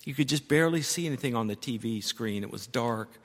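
A man's voice: medium pitch, expressive, a little fast, fairly bright tone. An older man preaching a sermon as pastor, telling stories and repeating key words for emphasis. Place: church sanctuary. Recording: long reverb of a church.

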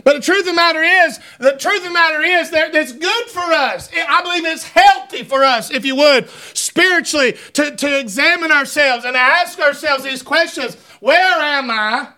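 Male preacher with a very high, bright voice; conversational, then fervent and shouting. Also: moderate pace, few pauses. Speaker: pastor. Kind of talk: sermon. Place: church sanctuary.

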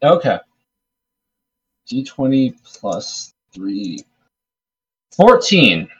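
A man's voice: medium pitch, very animated, extremely slow, a bit bright, husky. An easygoing man playing a tabletop game, laughing often as he goes. His voice sits in the middle of the range. The audio is dull and lo-fi. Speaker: player.

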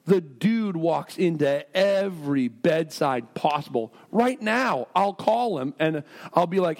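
A man preaching a sermon as pastor. He talks in an animated, self-deprecating, joking way, moving between stories and earnest prayer. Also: on the high side, takes it slowly.

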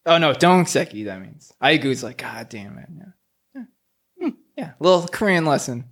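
A man's voice: on the high side, expressive, moderate pace, fairly bright tone. A male podcast co-host in casual comedic chat, riffing and laughing often.

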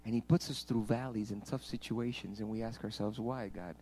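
A man preaching a sermon as pastor, swinging from hushed pleading to loud, passionate declarations. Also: fairly low pitch, steady tone, brisk, slight background noise, poor audio.

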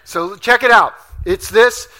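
A man with a high, bright voice preaches at a church service. He tells stories in an animated, self-deprecating way and laughs often. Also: a little slow. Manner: laughs often while talking. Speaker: pastor. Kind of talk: storytelling sermon.

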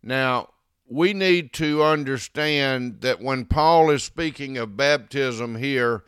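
A man preaching an expository sermon, reading scripture and explaining it with deliberate, emphatic delivery. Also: medium pitch, fairly bright tone, clear, resonant tone, no room sound, studio quality. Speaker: pastor.

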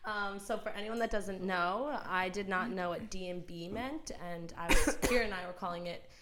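A young woman co-hosting a podcast, chatting in a relaxed way with lots of fillers. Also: medium pitch, moderate pace, very noisy. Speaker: podcast co-host. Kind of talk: casual chat.

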